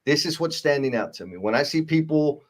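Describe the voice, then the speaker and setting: With a fairly high pitch and a slightly quick pace, a male co-host of a live stream reads viewer comments out loud. His casual chat is lively and playful, full of self-deprecating jokes.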